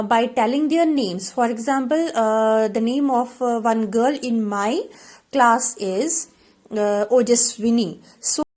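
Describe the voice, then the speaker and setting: A woman teacher, slowly explaining a classroom activity with many fillers and repeated words. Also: fairly high pitch, a little mellow.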